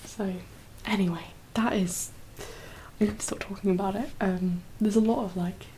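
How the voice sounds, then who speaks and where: Brief: young woman, soft-spoken ASMR chat, breathy half-whispers, teary and rambling, faint background hum. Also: medium pitch, fairly even intonation, normal speed, rough recording. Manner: rambling, full of fillers and laughs. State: teary, emotional. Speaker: ASMR creator.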